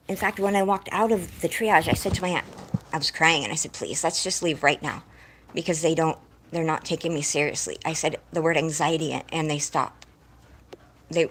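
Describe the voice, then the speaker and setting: A young woman with a husky, low-set voice tells her viewers a painful story. She rambles and restarts, sounding shaken and close to tears. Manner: distressed, rambling, breaks off to scold her dog. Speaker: vlogger.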